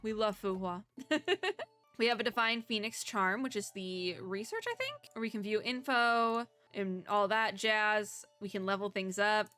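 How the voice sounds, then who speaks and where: Bright-voiced, giggly young woman streamer. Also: mid-range voice, measured pace, smooth, faint music behind. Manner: chatty, giggly, self-deprecating asides. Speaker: VTuber streamer. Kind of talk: casual let's-play chat, reading game dialogue aloud.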